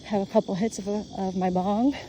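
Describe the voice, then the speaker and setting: A woman's voice: medium pitch, steady tone, a little fast, dark tone, a little hiss or hum. A middle-aged woman in a blunt, profane, ranting casual monologue, filmed on her phone while walking outdoors. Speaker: vlogger. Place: outdoors on a nature walk.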